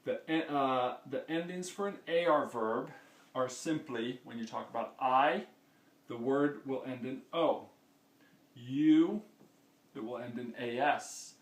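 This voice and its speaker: Slow-talking male teacher in an echoey room. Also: mid-range voice. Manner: patient, explains step by step, often checks with okay. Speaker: Spanish teacher. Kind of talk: classroom-style lesson. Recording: echoey room, mic far off.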